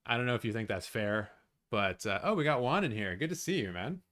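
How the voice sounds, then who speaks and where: A man hosting a live watch-along stream, chatting casually with his viewers, swearing often and reacting loudly. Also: medium pitch, brisk. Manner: excitable, swears a lot, talks to chat.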